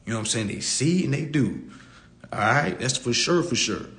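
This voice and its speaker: A man's voice: mid-range voice, expressive, moderate pace, fairly bright tone. A man giving a casual live-stream talk into a phone, blunt and preachy, repeating his points and cursing freely.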